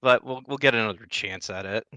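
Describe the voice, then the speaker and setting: A man's voice: lowish voice, brisk, sharp tone, a little hiss or hum. A man joking and chatting casually while playing a video game with a friend. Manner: joking, laughs easily. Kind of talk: casual gaming chat.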